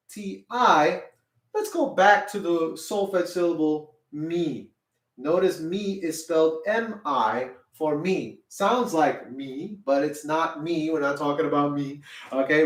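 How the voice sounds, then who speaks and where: A middle-aged man teaching a children's music lesson, patiently explaining each point, checking "okay?" and singing the syllables in a high voice. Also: unhurried, recorded from a distance. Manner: sings solfege syllables in a high voice. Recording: roomy sound, a little off-mic.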